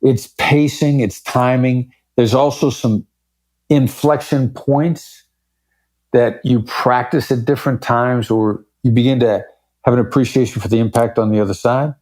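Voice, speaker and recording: A man's voice: medium pitch, fairly even intonation, unhurried, a little mellow. A man speaking as a guest in a podcast interview, explaining his points emphatically and varying his pace for effect. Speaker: podcast guest, negotiation expert. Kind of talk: conversational interview.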